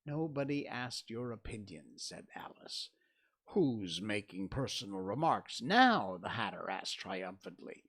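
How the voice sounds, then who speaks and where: A man's voice: mid-range voice, gravelly. A man reading a storybook aloud as narrator. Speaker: reader.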